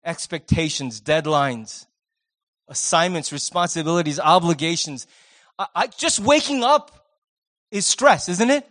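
A middle-aged man preaching a sermon as pastor, swinging between loud emphasis and soft, hushed passages. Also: high-pitched, expressive, normal speed. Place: church sanctuary.

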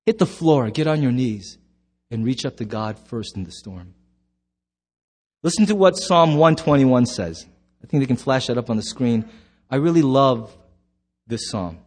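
A man pastor preaching a sermon in church, telling stories with animated voices and sudden shouts. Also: mid-range voice, measured pace, long pauses, slightly rough.

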